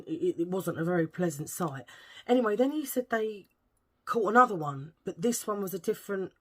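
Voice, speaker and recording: A middle-aged woman, telling a rambling story in a casual vlog chat and searching for words as she goes. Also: fairly low pitch. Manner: rambling, chatty, searches for words, eats while talking. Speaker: vlogger.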